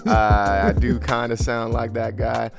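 A man on a podcast making wisecracks and quick joking asides in casual chat. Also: medium pitch, little pitch movement, creaky, over loud music.

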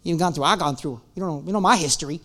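A male pastor preaches with lively, animated storytelling. His fairly high voice swings from loud, punchy bursts down to near-whispered asides. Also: rapid-fire. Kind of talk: sermon.

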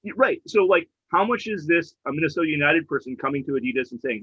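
Husky-voiced podcast man, lo-fi mic. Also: on the high side, animated, no room sound. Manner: measured, reasoning things through. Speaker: podcast co-host. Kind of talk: casual podcast chat.

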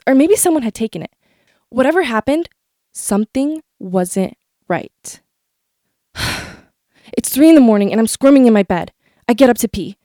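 A woman's voice: medium pitch, mellow, dry recording, clean studio sound. A woman telling a personal story from her childhood in a vivid, dramatic way.

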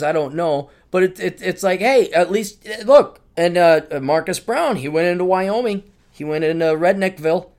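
Middle-aged guy doing his podcast, rambly and animated, kinda high voice. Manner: rambling, animated storytelling with laughter. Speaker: podcast host. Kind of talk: casual monologue.

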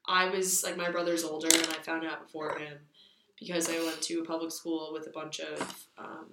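A woman's voice: low voice, level tone, normal speed, reverberant, very noisy. A young woman in her twenties co-hosting a casual chat, telling rambling stories with lots of fillers. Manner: rambling storyteller, many fillers. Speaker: podcast co-host.

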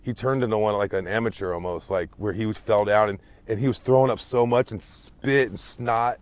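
A man casually telling a story to friends in an animated, profane, emphatic way. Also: lowish voice, normal speed, no room sound. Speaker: storyteller in a group chat.

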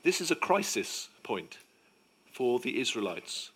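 A man preaching a sermon with emphatic delivery, swinging between loud declarations and hushed moments. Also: mid-range voice, sing-song, measured pace, slightly rough.

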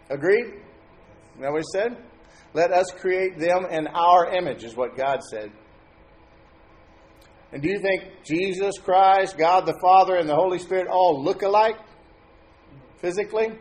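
A man's voice: high-pitched, slow pace, long pauses, a little mellow. A man preaching a sermon as pastor, talking to his congregation in a conversational way and asking them questions.

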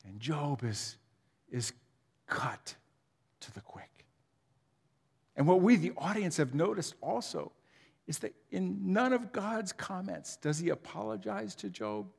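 A man preaching with dramatic swings from booming declarations to hushed, almost whispered lines. His voice sits a little high for a man, and it rings out through the long reverb of a large church hall. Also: very animated, moderate pace, vocal fry, husky. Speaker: pastor. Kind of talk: sermon.

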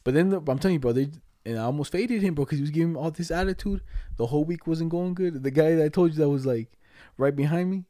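A man's voice: on the high side, fast, dark tone, dry recording, studio quality. A young man telling a rambling story in casual chat, heavy on slang and swearing.

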